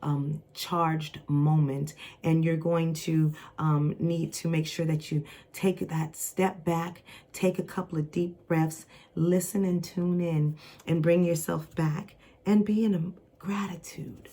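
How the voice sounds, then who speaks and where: A woman's voice: low-pitched, flat delivery, takes it slowly, mellow. Encouraging woman giving a tarot reading. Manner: encouraging, reassuring, talks straight to the viewer; rambling, many restarts and fillers. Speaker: tarot reader. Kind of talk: casual spiritual tarot reading.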